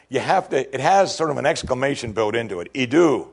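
Man, preacher, sermon, husky tone, wide-ranging pitch, emphatic. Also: brisk, hardly any pauses. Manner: animated, emphatic, acts out quoted lines. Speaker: pastor.

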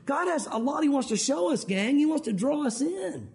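A man's voice: very high voice, very animated, normal speed, a little mellow. A man preaching a sermon in a conversational way, firing rhetorical questions at his listeners. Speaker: pastor.

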